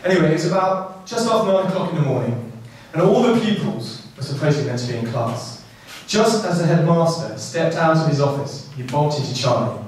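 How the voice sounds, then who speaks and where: A man giving a best man's wedding speech, delivering dry jokes and pausing for laughter. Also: mid-range voice, a little mellow, slight background noise. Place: wedding reception hall. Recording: echoey hall from far off, crowd laughing. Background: guests laughing.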